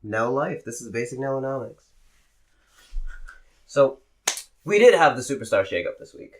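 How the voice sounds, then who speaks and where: A man's voice: medium pitch, sing-song, moderate pace. A man co-hosting a podcast, chatting casually and trading jokes. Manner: joking, bantering. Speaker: podcast co-host. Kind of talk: casual wrestling podcast chat.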